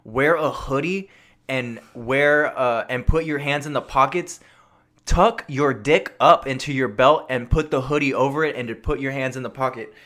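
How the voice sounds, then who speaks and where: A man's voice: medium pitch, moderate pace, a bit bright. A young man co-hosting a casual podcast, telling crude, rambling stories full of quoted dialogue. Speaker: podcast co-host. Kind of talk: casual chat.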